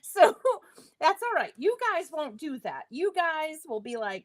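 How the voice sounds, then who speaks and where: A woman's voice: high voice, very animated, normal speed. A woman hosting a live crafting demonstration, chatty and self-deprecating, laughing at her own slips. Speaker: crafting host.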